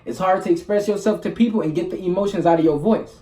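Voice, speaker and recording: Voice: medium pitch, fast talker, dark tone. A vlogger talking to camera in a loose, rambling, blunt and profane monologue. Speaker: spiritual vlogger. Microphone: camera mic. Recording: echoey room.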